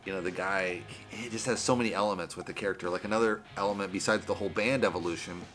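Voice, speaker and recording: A man's voice: deep voice, steady tone, quick pace, a bit bright, faint music behind. A man giving a casual, rambling movie review on his vlog, often saying "you know" and "right".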